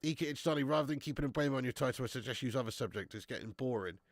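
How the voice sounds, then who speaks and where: A man's voice: mid-range voice, very fast, dry recording, clean studio sound. A young man, chatty and laughing as he hosts a live stream and reads out comments, a bit under the weather with a cold. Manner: chatty, laughing, slangy banter. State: has a cold. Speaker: livestream host. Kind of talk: casual live-stream chat reading comments. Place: home garage.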